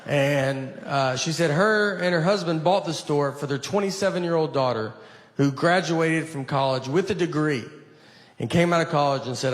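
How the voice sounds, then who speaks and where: A middle-aged man doing a deadpan, self-deprecating stand-up routine on a theater stage. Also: a little high, normal speed. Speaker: stand-up comedian. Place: theater stage before a laughing audience. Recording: live show with audible crowd.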